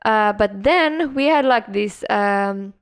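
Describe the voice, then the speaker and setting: A woman's voice: mid-range voice, animated, clean tone, no echo, clean studio sound. A woman co-hosting a podcast in a casual chat, playful and teasing. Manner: playful, teasing, quick interjections. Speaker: podcast co-host.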